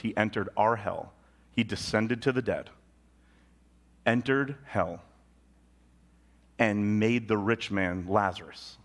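A male pastor preaching a sermon, telling a story with big swings from loud and high to low and quiet. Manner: animated storytelling with sudden jumps in pitch and volume; drops low and quiet on solemn points.

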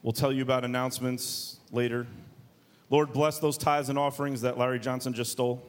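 A man's voice: medium pitch, fairly even intonation, fairly quick, slight background noise. A man in his thirties preaching a sermon to a congregation, telling a family story in a joking, conversational way. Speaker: pastor.

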